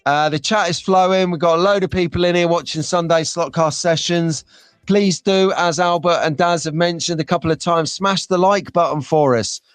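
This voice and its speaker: Upbeat male live-stream host, slightly higher voice, chatty and excitable, dry close sound. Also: normal speed, smooth, dry recording. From England. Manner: chatty and excitable, gets frantic and loud at times. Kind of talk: casual live chat reading viewer comments.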